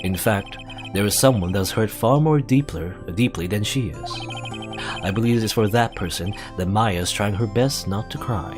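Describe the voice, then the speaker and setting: A man voicing a calm, formal male prosecutor in a game, speaking in a measured way. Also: on the low side, over music, lightly acted. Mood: earnest.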